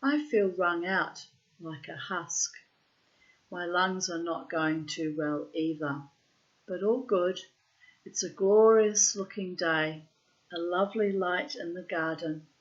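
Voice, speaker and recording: A woman's voice: on the low side, slow, lo-fi sound. A woman reading her own diary entries aloud, dramatic and emphatic, with blunt swearing.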